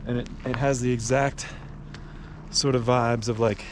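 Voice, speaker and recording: A man's voice: medium pitch, fairly even intonation, a little slow. A young man and thru-hiker, rambling in a laid-back, filler-heavy way as he narrates a hiking vlog outdoors. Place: outdoors on a mountain trail by a highway. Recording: outdoor noise, traffic and wind.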